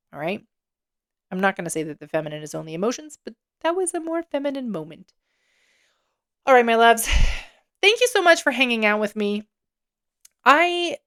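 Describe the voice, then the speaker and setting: A woman hosting her own podcast in an unscripted solo monologue. Her voice sits at a mid-range pitch. She speaks candidly and with emphasis, swears freely and often laughs mid-sentence. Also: smooth. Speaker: podcast host.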